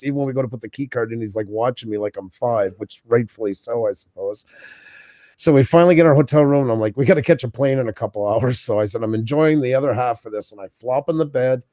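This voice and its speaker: A man's voice: medium pitch, a little mellow, no echo, clean studio sound. A man from Canada telling a long funny anecdote in casual chat, laughing often and acting out what people said. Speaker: podcast co-host.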